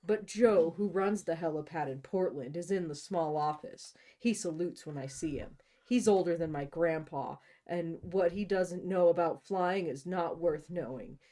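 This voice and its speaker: A woman host reading a novel aloud in a deadpan way, breaking off for jokey asides. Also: fairly low pitch, measured pace, hardly any pauses. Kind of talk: comic read-aloud of a novel.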